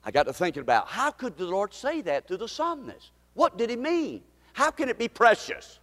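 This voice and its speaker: A man's voice: high-pitched, big pitch swings, moderate pace, hardly any pauses, fairly bright tone, big-room sound. A man preaching a sermon as pastor, impassioned and repeating key phrases for emphasis.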